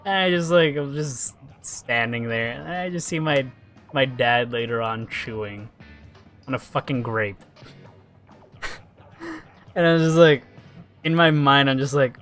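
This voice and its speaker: A man's voice: medium pitch, moderate pace, long pauses. A man live-streaming a shooter game, talking off the cuff in a mid-range voice. He rambles loosely, swears a lot and laughs at his own stories. Faint music plays under his voice. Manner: rambling and swearing, with laughs and sudden excited yells. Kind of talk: casual live-stream chat while gaming.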